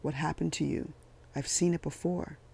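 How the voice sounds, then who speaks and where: Calm, weary army captain, read by a man, with a flat gravelly delivery. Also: a little high, moderate pace. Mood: steady. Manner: calm, quiet and matter-of-fact.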